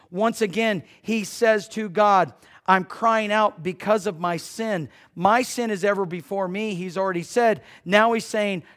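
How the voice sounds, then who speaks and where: A male pastor preaching a conversational sermon who banters with his congregation and swings between loud emphasis and hushed passages. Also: high-pitched.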